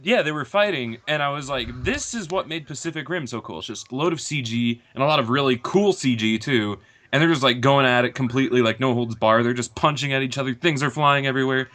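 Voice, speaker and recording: Animated man ranting on a podcast. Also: medium pitch, fast talker, hardly any pauses. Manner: animated, mimics characters while ranting. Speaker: podcast guest. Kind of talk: casual podcast chat.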